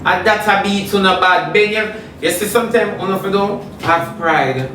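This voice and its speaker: A Jamaican man delivers a combative, taunting rant and circles back to the same jabs over and over. His voice sits high for a man. The sound is roomy and distant, as if he stands well away from the mic. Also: normal speed, background noise. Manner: combative, taunting, repeats phrases. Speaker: social media personality. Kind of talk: heated live rant.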